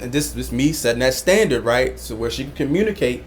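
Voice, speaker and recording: A man, chatting casually and telling a story as a father, acting out quotes in a higher voice. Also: quick pace, a little hiss or hum. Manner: animated storyteller who acts out quotes in a higher voice. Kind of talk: casual podcast conversation.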